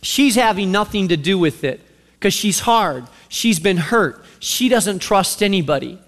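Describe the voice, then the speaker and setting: A man's voice: high-pitched, expressive, measured pace, a bit bright. A man preaching a sermon as pastor, telling a scripture story animatedly and acting out its characters. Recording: long reverb of a large hall.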